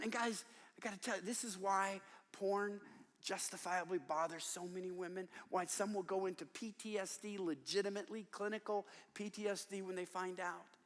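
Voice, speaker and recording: An older man preaches in a large church, and his voice sits fairly high for a man. He tells stories with animation and acts out the people he quotes. A long reverb trails after his voice in the big hall. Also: normal speed, a bit bright. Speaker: guest preacher. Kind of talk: sermon. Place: large church worship center.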